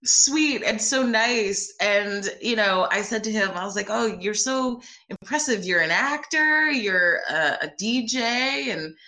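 A woman being interviewed about her first film, telling animated stories, laughing often and acting out what people said. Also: fairly high pitch, a little slow, few pauses, reverberant. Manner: bubbly, laughs often, acts out quoted voices. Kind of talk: animated anecdotal storytelling.

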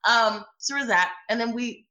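Bright-voiced bubbly woman telling stories. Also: on the high side, normal speed, reverberant. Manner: bubbly, laughs often, acts out quoted voices. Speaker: actress interviewed about her film debut. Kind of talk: animated anecdotal storytelling.

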